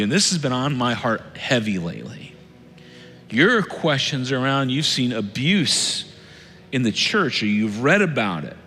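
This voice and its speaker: A male pastor delivers a sermon with an animated, rising and falling voice. His tone is bright and forceful, dropping now and then to a near-hush. The sound carries a long church-hall reverb over faint background music. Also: medium pitch. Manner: animated, shifts between loud urging and hushed intimacy. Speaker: lead pastor. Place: church sanctuary.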